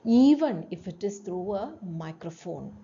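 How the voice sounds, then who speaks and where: A woman's voice: animated, unhurried, dull audio. A woman teacher giving a classroom lecture, explaining terms with frequent checks like "you know" and demonstrating tones with her voice. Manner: demonstrates tones by swinging her pitch and loudness.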